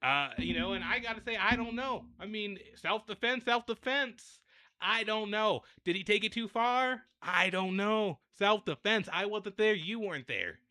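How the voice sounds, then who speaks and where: A man's voice: high-pitched, moderate pace, bright, forceful tone. A young man hosting a livestream, ranting and rambling in a repetitive, fed-up way while addressing his viewers directly. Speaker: livestream host.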